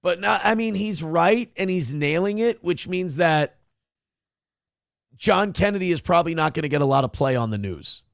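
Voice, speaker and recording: A man's voice: fairly high pitch, lively intonation, normal speed, creaky, no echo, studio quality. A man hosting a casual political morning talk show, talking in a profane, sarcastic and rambling way.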